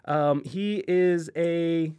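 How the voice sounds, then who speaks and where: A man's voice: a little high, fairly even intonation, extremely slow, dark tone, slight background noise. A man hosting a casual podcast, joking and rambling with lots of laughter. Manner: goofy, rambling, jokey with frequent laughs. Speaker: podcast host.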